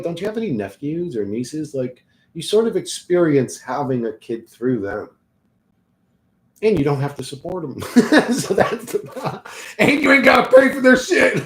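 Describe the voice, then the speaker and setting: A man in his thirties rambling casually, tired and swearing freely, with frequent laughs. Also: mid-range voice. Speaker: vlogger. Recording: echoey room.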